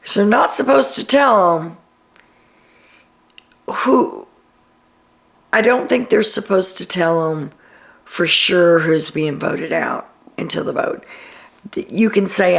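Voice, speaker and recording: A woman's voice: on the low side, big pitch swings, slow, vocal fry, pauses often. A tired woman chattily recapping a reality show to her viewers, retelling scenes as she goes. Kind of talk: casual recap to camera.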